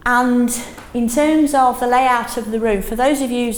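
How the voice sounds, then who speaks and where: A middle-aged woman leading a teaching workshop in a classroom, lively, often checking in with "yes?". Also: on the high side, a little slow, reverberant, slight background noise. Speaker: teaching trainer.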